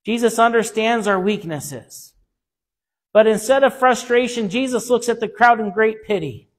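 High-voiced male pastor preaching. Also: normal speed. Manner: emphatic, repetitive preaching cadence. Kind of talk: sermon.

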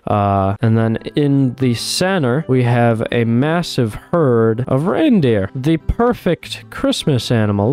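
A man from Buffalo, New York giving casual commentary on a game, excitable and swearing, cooing at the animals on screen. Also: medium pitch, slow, few pauses, faint music behind. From Buffalo, New York, USA. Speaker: gaming YouTuber.

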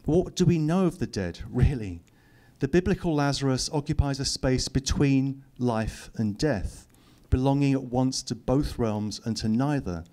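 Warm-toned and medium-pitched, a middle-aged man reads aloud a little slowly, barely pausing. He's an author at a public talk in a lecture hall, offering dry, teasing remarks to the audience as he reads and comments.

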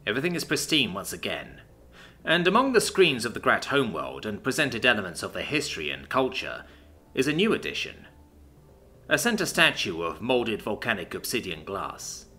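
Bright, animated male story narrator. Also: lowish voice, normal speed. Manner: expressive, animated reading.

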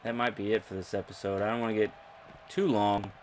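Excitable young man playing a game. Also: on the low side, brisk, slight background noise. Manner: excitable, jokey, talks to viewers. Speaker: gaming YouTuber. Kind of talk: let's play commentary.

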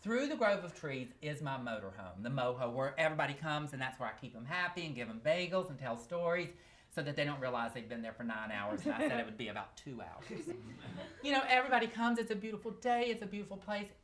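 A man reading from his comic memoir, telling the story in an animated, exaggerated way. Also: a little high, quick pace. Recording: noisy live recording.

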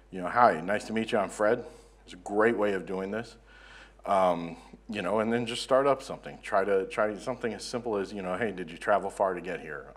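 A man from the southern United States giving a relaxed, self-deprecating conference presentation in a conference room. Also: on the low side. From Southern United States (Florida). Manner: conversational, self-deprecating, joking. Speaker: conference speaker.

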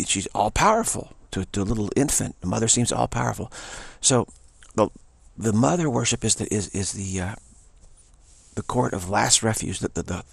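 A man giving a rambling spiritual talk, digressive and halting, restarting his sentences often. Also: on the low side, gravelly, breathy edge, no echo. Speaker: spiritual teacher. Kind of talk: rambling spoken monologue.

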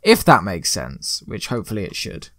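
A man's voice: fairly low pitch, wildly swooping pitch, moderate pace, bright, forceful tone, no room sound, studio quality. A man hosting a let's play, giving rambling, joking gameplay commentary full of puns. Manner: rambling, joking, pun-loving.

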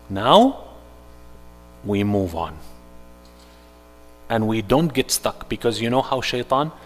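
A man giving a live workshop sermon, swinging from hushed to loud and urgent, mixing in Arabic phrases. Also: medium pitch. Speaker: Islamic speaker. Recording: echoey hall.

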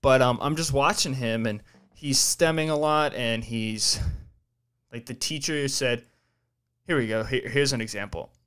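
A man's voice: mid-range voice, a little slow, a bit bright, clear, resonant tone. A young man hosting a podcast, telling a long story in a rambling, profane way, full of fillers and restarts. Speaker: podcast host. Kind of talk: casual storytelling chat.

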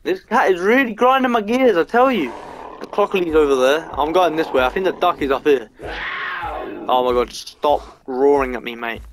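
A man giving let's-play game commentary, swearing a lot and swinging between frustration and excitement. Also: a little high, moderate pace, a little hiss or hum. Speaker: gamer.

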